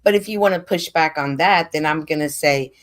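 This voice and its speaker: A woman's voice: sits low, a little fast. Earnest woman telling a faith story. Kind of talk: casual conversation about faith. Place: live stream call.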